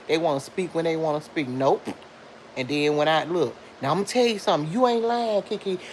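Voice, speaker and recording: A middle-aged woman chats live with her viewers in a lively, sing-song voice that sits a little low. She laughs often and answers commenters directly. A faint hiss of background noise runs under her voice. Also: low-quality recording. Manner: animated, talks back to commenters, laughs often. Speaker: live stream host. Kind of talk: casual live chat reading comments.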